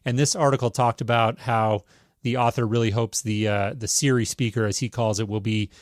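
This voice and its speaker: A man hosting a tech podcast, reading a news item and then chatting about it in a measured, casual way. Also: fairly low pitch, steady tone, dry recording, studio quality. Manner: measured, reads news items then riffs. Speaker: podcast host.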